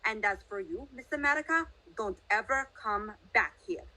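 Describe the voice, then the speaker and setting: Woman voicing a mocking male Russian crime boss, Russian accent, bright, needling tone. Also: mid-range voice, expressive, moderate pace, low-quality recording. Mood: amused. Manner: scoffing, mock-polite.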